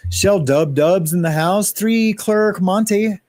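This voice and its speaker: A man hosts his own livestream, chatting loosely and greeting viewers one at a time as he rambles from topic to topic. His slightly mellow voice sits on the higher side, he takes his time, and the sound is dry and close with little room echo.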